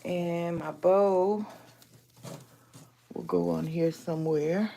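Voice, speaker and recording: A woman's voice: lowish voice, steady tone, takes it slowly, vocal fry, mellow, a little hiss or hum. A woman, hosting a casual live stream, telling folksy stories and acting out other people's lines while she crafts. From Aliquippa, Pennsylvania. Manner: chatty storyteller who acts out other people's lines; folksy, calls listeners honey.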